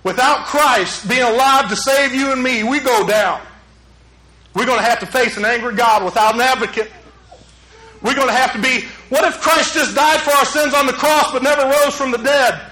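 A man preaching a sermon as a pastor, swinging from loud urgent peaks to hushed low passages. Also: normal speed, reverberant, low-quality recording.

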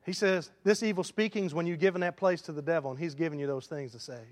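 Man, pastor, folksy emphatic sermon, high voice, long echoing reverb. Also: fairly even intonation, fast talker. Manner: folksy preacher, rises to loud emphatic runs.

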